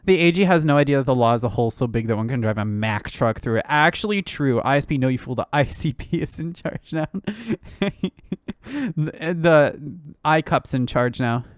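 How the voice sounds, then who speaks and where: A woman's voice: extremely low pitch, animated, normal speed, no echo. Ranting, swearing woman streamer, dry sound. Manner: ranting, swearing, laughing, with lots of fillers. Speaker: streamer and news commentator. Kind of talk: casual live-stream reaction commentary.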